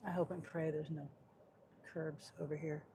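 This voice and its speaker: A woman's voice: low-pitched, level tone, normal speed, mellow, a little hiss or hum. A woman vlogging casually from her car about her delivery gig, muttering to herself with frustrated asides. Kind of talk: casual talking while driving.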